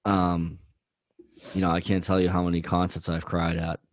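A man's voice: low voice, completely flat delivery, normal speed, no room sound. A man co-hosting a podcast, talking earnestly in a rambling way with many fillers. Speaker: podcast co-host. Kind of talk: casual chat.

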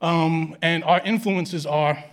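A man explaining the past in a thoughtful, measured way at a live show, often restarting with "I mean". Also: a little high, fairly even intonation. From Queens, New York. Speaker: panel guest.

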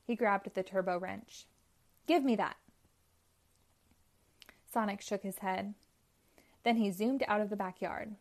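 A woman reading a children's chapter book aloud in a slow, clear, expressive way. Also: mid-range voice. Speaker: storyteller.

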